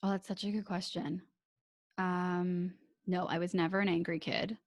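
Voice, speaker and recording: A woman hosting a podcast in casual chat, animated and laughing often, swearing freely. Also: on the low side, moderate pace, no echo, studio quality. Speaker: podcast host.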